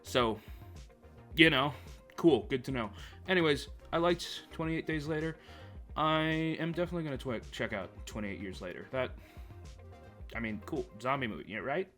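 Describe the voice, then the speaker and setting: A man's voice: mid-range voice, lively intonation, normal speed, pauses often, fairly bright tone, soft background music. Rambling man with mid-range voice. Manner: rambling, with stammering restarts. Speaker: movie vlogger. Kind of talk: casual chat.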